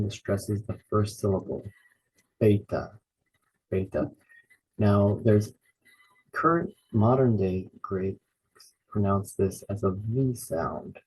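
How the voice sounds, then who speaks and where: Male teacher, mellow and husky, patient step-by-step lesson delivery. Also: fairly low pitch, low-quality recording. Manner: patient, repeats and sounds out each letter. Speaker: Bible study teacher. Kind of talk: slow spelled-out lesson.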